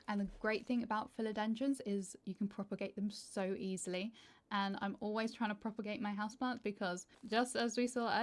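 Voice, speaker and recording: A tired British woman, a houseplant vlogger, chatting casually and gushing over her new plants. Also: medium pitch. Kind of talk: casual vlog chat.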